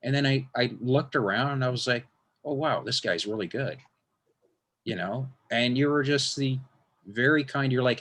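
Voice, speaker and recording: A man's voice: medium pitch, moderate pace, a bit bright. A man, a magician, talking in a casual interview, rambling with frequent restarts and acting out quotes.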